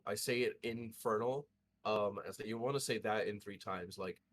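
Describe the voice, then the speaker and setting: A man's voice: on the low side, normal speed, fairly bright tone, a little hiss or hum. A man playing a tabletop game over an online call, talking in a hesitant way with many fillers and restarts. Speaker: player. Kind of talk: casual tabletop game chat.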